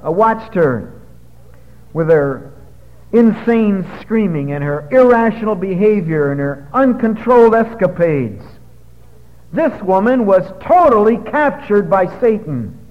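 A man preaching a sermon, dropping to a hush and then rising loud and urgent. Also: a little high. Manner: dramatic preaching, swinging from hushed to loud. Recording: muffled, with long hall reverb.

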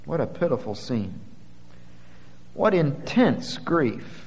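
A man's voice: animated, a little slow. Man preaching a sermon in a reverberant hall. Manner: dramatic swings from quiet to loud, climbing pitch when quoting scripture.

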